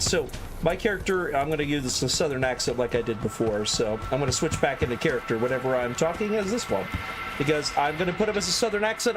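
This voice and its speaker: A man's voice: on the high side, noisy background. A man streaming a video game and chatting playfully with viewers as he plays. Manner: chatty, playful, sing-song asides. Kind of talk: casual gameplay commentary.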